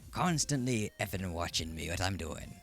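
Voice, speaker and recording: A man voicing a rude, angry young man in a gruff put-on pirate accent, reading chat messages aloud. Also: on the low side, fairly quick, faint music behind, lightly acted.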